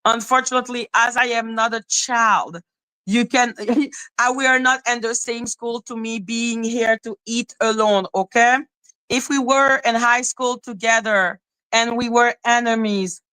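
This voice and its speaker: A woman's voice: fairly high pitch, fairly even intonation, normal speed, pushed and bright, smooth, no echo, low-quality recording. A woman hosting a commentary channel, ranting in an exasperated, profane and mocking way and repeating questions in disbelief.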